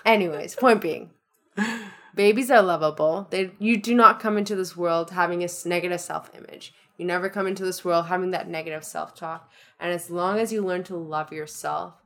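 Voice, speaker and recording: A woman's voice: lowish voice, fairly even intonation, moderate pace, a bit bright. A young woman co-hosting a podcast, talking in an upbeat, chatty, motivational way. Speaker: podcast co-host. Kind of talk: casual chat.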